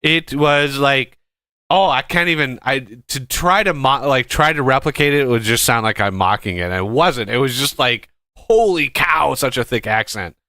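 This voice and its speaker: A man's voice: medium pitch, animated, normal speed, bright, forceful tone, no echo. A man giving casual gameplay commentary as a streamer, rambling with many fillers and restarts.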